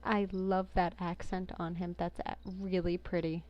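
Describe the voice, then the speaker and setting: This woman speaks unhurriedly in a lowish voice with little pitch movement and hardly any pauses. She reads game collection entries aloud and comments on them casually, clearly amused. The recording is muffled.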